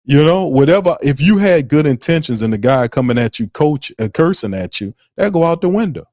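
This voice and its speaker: A man's voice: on the high side, very animated, a little fast, darkish tone, dry recording, studio quality. A man hosting a sports stream, ranting in heated, profane commentary. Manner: fired-up, ranting, profane, mocking impressions. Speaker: sports podcast host.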